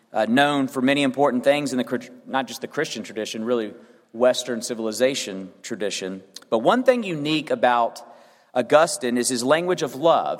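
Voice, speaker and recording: A man preaching a sermon and reading scripture aloud, earnest and rising to emphatic peaks. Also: medium pitch. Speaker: pastor. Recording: long hall reverb.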